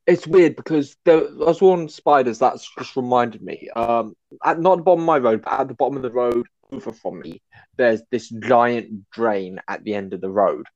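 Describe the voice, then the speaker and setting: A man's voice: mid-range voice, moderate pace, dry recording, lo-fi sound. A man co-hosting a podcast, telling his stories casually and with lots of laughter. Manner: animated, laughing storyteller. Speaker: podcast co-host. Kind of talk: casual chat, storytelling.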